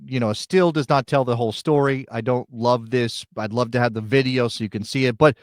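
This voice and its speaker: A man co-hosting a sports talk show, measured and analytical, speaking into a studio mic. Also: medium pitch, fairly even intonation, no room sound. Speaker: podcast co-host.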